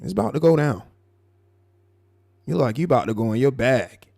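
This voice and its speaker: A man hosting a live stream, commenting on a clip in a mocking, animated way. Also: medium pitch, vocal fry, no room sound, studio quality. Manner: mocking, animated, drawn-out asides. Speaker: live show host.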